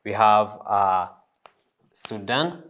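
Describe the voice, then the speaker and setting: A man teaching a French language lesson, slow and hesitant, with many fillers and restarts. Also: fairly low pitch, expressive, fairly bright tone, a little hiss or hum. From East Africa. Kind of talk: classroom lesson.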